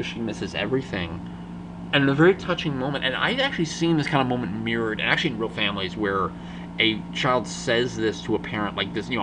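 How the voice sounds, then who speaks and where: A man's voice: on the low side, fairly quick, background noise. A young man giving a casual spoken film review, rambling and often restarting or correcting himself mid-sentence.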